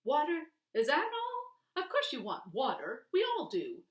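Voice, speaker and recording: A woman voicing a loud, demanding grown man aboard a lifeboat, in a storybook reading. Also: sits high, wildly swooping pitch, unhurried, roomy sound, voice pushed up, full character voice. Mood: gruff. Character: bossy gruff grown man sailor.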